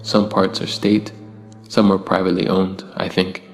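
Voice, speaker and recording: Low, gravelly male horror narrator. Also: little pitch movement, normal speed. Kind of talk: scripted narration. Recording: long hall reverb with faint music.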